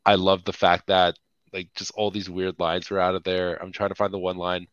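A man's voice: low voice, flat delivery, normal speed, fairly bright tone, smooth, no echo, muffled recording. A young man co-hosting a podcast in casual chat, joking and laughing, with lots of "like" fillers. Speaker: podcast co-host.

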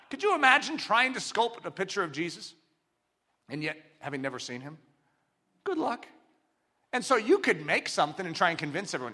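A man preaching a sermon, swinging between loud, forceful exclamations and quiet, intimate asides. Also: high voice, big pitch swings, brisk, long pauses. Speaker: pastor.

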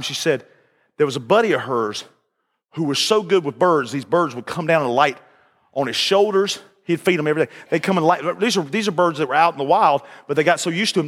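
A man's voice: on the high side, a bit bright, in a large hall. A man preaching a sermon, folksy and emphatic, with call-and-response asides to the congregation. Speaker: pastor. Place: church sanctuary.

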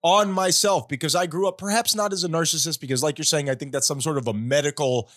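A man's voice: on the high side, quick pace, a bit bright, no room sound, studio quality. A man co-hosting a casual comedy podcast, teasing and mock-serious as he banters with his friend. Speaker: podcast co-host.

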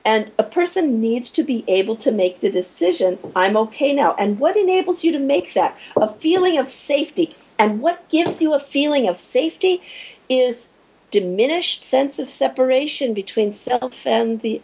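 A woman with a husky, slightly breathy voice speaks as an interview guest. Her pitch swings widely as she explains, and she slips into little acted-out inner voices to make her points. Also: moderate pace, poor audio. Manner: animated, acts out little scenes with quoted inner voices. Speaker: guest expert on shock and recovery.

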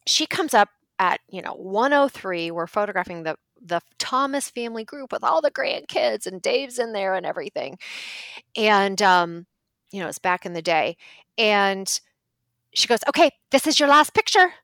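A woman's voice: moderate pace, no echo. A middle-aged woman, a photographer and podcast guest, telling stories casually and acting out quotes with big jumps in her voice. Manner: animated, acts out quotes with big pitch jumps. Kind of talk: casual storytelling.

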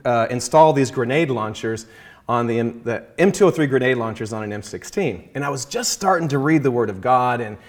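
A man in conversation, earnestly explaining his Christian faith and quoting scripture, slowing down to stress key phrases. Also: medium pitch, lively intonation. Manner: quotes scripture, halting restarts. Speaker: Christian guest speaker.

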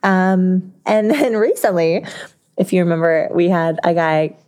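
A woman's voice: lowish voice, a little slow, dark tone, clean tone. A young woman co-hosting a podcast in casual chat, giggling often as she talks. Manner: giggly, laughs often mid-sentence. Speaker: podcast co-host.

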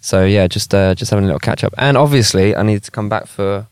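A man's voice: on the low side, fast, clean tone, no room sound, clean studio sound. A British man hosting a podcast outdoors, joking and spinning silly stories in a casual way. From United Kingdom. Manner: jokey, tells tall tales deadpan. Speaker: podcast host. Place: outdoors on a hillside.

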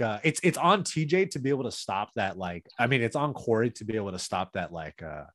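A man's voice: mid-range voice, dry recording. A man co-hosting a casual podcast, talking loosely with slang. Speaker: podcast co-host. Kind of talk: casual chat.

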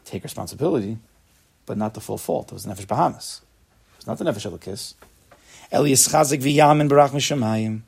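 Male Torah lecturer, gravelly and husky, emphatic and repetitive, lots of Hebrew terms. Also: medium pitch, expressive, quick pace, a little mellow. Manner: emphatic, repeats words, sprinkles in Hebrew terms. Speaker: Torah teacher.

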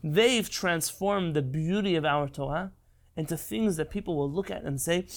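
A man's voice: on the high side, moderate pace. A man giving an impassioned Torah lecture, emphatic and rhetorical. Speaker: rabbi.

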